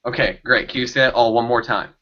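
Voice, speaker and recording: A man's voice: medium pitch, fairly even intonation, fast, muffled recording. A young man co-hosting a casual web show, easygoing and agreeable. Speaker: co-host. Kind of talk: casual unscripted chat.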